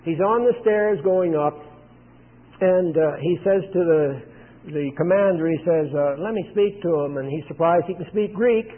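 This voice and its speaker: A man preaching a sermon, retelling a scripture scene in plain storytelling with frequent pauses. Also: fairly high pitch. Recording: tinny phone-like sound with long hall reverb.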